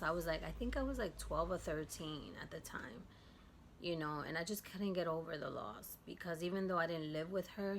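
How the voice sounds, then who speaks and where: Low, gravelly woman telling a story. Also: slight background noise. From Guatemala. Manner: soft, halting, with many fillers. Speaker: vlogger. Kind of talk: personal storytelling vlog.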